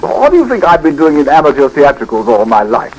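An actor with an upper-class London English accent playing a scheming, cheerfully bossy gentleman in a 1940s radio comedy, chuckling and fussing as he gives orders. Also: a little high, huge pitch swings, quick pace, a little hiss or hum, low-quality recording. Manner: chuckling, fussy, talks over the other man.

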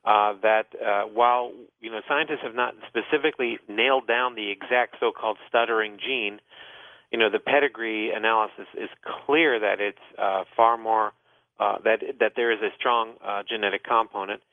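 A man with a fairly low voice answers callers as the doctor hosting a call-in radio show. He explains things at length and fills his pauses with "uh" and "you know." The sound is dry and narrow, like a phone line. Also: fairly even intonation, no echo. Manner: explanatory, many "uh" fillers.

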